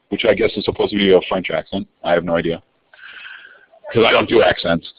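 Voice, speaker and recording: A man's voice: lowish voice, fairly quick, no room sound. A man teaching a live online algebra review lesson, calling on students by name in an upbeat way. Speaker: math teacher. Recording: dull lo-fi dry sound.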